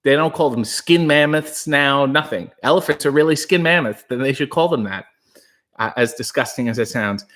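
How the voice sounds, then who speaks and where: A man from Canada talks quietly into a new microphone, almost breathy, as he reads viewer comments. His delivery rambles and jokes along in an easygoing way, with a middling pitch. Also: moderate pace. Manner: breathy, hushed, rambling and joking. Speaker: livestream host reading chat. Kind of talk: casual live chat. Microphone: new studio microphone.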